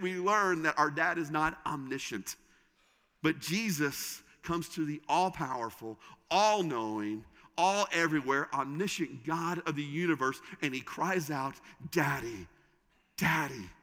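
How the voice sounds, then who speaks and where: Bright-voiced pastor preaching in a reverberant hall. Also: male voice, a little high. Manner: dramatic pauses, acted-out quotes, dropping to a soft intimate tone. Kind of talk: sermon.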